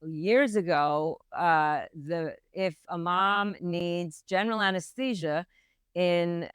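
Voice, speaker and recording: A woman from Philadelphia talks as a guest midwife, restarting sentences and filling pauses as she explains. Her voice is very smooth and crisp. The sound is close and dry. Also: fairly low pitch, no echo. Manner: hesitant, many restarts and fillers. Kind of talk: casual interview.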